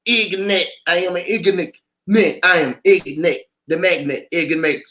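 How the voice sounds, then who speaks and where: A man's voice: high voice, fairly even intonation, moderate pace, pushed and bright. A man delivering a rambling freestyle monologue, chanting and repeating words in a loose stream of wordplay. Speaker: vlogger.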